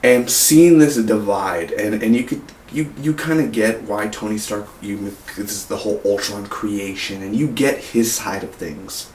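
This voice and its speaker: A man's voice: lowish voice, unhurried, darkish tone. Rambling man in a roomy room. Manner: rambling, many fillers and restarts. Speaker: movie reviewer. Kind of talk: casual spoiler review. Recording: roomy echo, mic far off, faint hiss.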